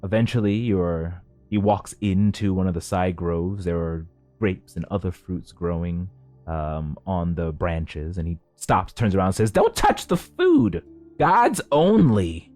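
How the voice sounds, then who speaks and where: A man with a very low voice narrates as game master, painting scenes with plenty of fillers. Soft music plays faintly underneath. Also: steady tone, unhurried. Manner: descriptive, frequent fillers.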